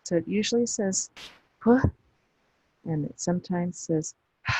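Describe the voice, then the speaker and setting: Woman phonics tutor, low husky voice, slow deliberate delivery. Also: dark tone, no room sound, rough recording. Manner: pronounces isolated sounds deliberately, explains briefly. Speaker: phonics teacher. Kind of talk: slow instructional phonics drill.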